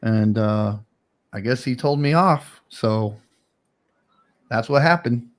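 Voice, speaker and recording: A man's voice: mid-range voice, slow pace. A man hosting a casual livestream chat, telling a story in a rambling, laid-back way with lots of fillers. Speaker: streamer host.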